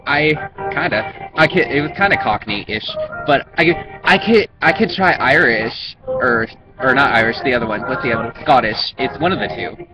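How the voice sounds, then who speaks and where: A man's voice: mid-range voice, animated, brisk, poor audio. A young man chatting casually to a vlog camera in a rambling, self-conscious way. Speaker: YouTuber. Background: music playing in the background.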